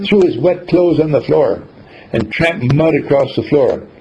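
A man giving a motivational talk, telling a story in an animated way and acting out the scenes. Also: fairly high pitch, unhurried, creaky, husky. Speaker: speaker. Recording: dull lo-fi recording, faint hiss.

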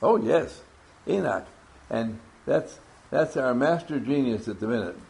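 A man's voice: medium pitch, animated, unhurried, creaky, a little mellow. A man leading a workshop, calling out names to his group and teasing them playfully. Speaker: workshop leader taking roll call. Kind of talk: classroom talk to a group.

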